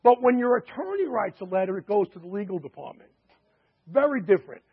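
A man pitching a membership through chatty anecdotes full of quoted dialogue and fillers, in a dull lo-fi recording. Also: expressive, a little fast, gravelly, breathy edge. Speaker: sales presenter. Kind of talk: sales pitch storytelling.

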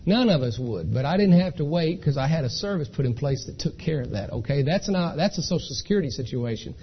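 High-voiced man telling stories. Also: animated, quick pace, slightly rough, muffled recording. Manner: chatty, storytelling, keeps asking "okay?". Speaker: speaker at an identity theft seminar. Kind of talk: folksy live presentation to an audience.

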